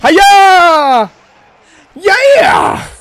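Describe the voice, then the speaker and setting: Excitable young gamer yelling. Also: male voice, very high voice, very slow. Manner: yelling, laughing, joking with friends. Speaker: gaming YouTuber. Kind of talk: excitable multiplayer gameplay commentary.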